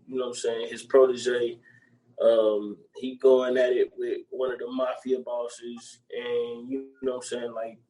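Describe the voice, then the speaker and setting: A man in his usual speaking voice, neither high nor low, chatting on a podcast. He rambles along in loose slang and keeps looping back to the same filler phrases. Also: dark tone, low-quality recording. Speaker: podcast co-host. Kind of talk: casual chat.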